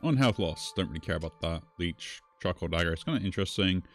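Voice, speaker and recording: A man's voice: deep voice, expressive, fast, faint music behind. A man casually commenting on his own gameplay, thinking aloud as he plays. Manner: musing, thinks aloud while playing. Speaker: gaming streamer.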